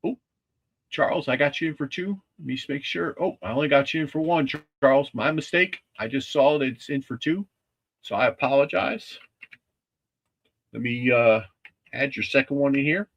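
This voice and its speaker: A man hosting a casual livestream with a husky voice, talking in a rambling, halting way with many restarts. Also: medium pitch, fairly bright tone, highs cut off. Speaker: livestream host.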